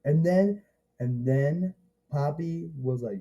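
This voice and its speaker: A man recaps a movie in a loose, halting way, circling back and restarting his sentences. His delivery is slow, but his pitch swings widely when he gets excited. The tone is deep and mellow, and he sits a touch higher than most men. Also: lo-fi sound. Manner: rambling and halting, with many restarts and excited exclamations. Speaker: movie reviewer. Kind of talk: casual spoken movie review.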